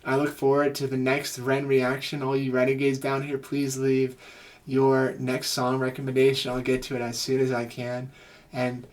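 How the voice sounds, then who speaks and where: An earnest male psychotherapist talks through his reaction to a song at a middling pitch. He is effusive and heartfelt, heaping praise as he unpacks each emotion. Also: completely flat delivery, moderate pace, a little mellow. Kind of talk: reaction commentary.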